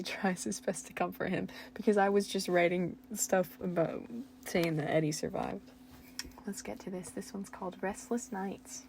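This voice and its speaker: A woman's voice: lowish voice, vocal fry, darkish tone, slight background noise. A young woman reading her old fan fiction aloud at home, making self-mocking asides and laughing at her own writing.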